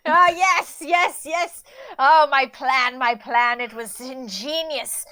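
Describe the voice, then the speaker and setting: Woman voicing a fussy, pompous demon middle manager with a high, haughty voice. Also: slow, pushed and bright, no echo, heavily acted, poor audio. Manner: pompous, flustered monologuing. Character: scheming ancient demon, an assistant manager.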